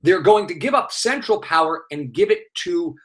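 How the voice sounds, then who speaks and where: A man's voice: sits high, lively intonation, normal speed. A man leading a live online exam review, talking energetically with fillers and playful asides.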